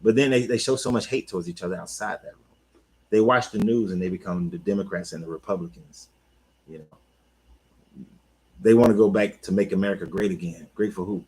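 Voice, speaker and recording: Low husky guy talking to the camera, gets worked up and repeats himself. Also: a little fast, low-quality recording. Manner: animated, repeats himself, talks back to the listener. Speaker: life coach. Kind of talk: casual monologue.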